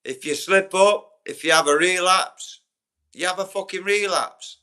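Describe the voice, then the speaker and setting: Brief: young Yorkshire man, livestream host, blunt and profane, bright forceful tone. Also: high-pitched, unhurried, smooth. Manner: blunt, sweary, talks straight to chat viewers by name. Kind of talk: casual livestream chat.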